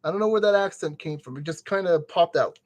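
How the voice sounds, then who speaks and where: A man's voice: a little high, fast talker, a little mellow. A man streaming casually and talking himself through a brick-kit build step by step. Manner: chatty, talks himself through each step.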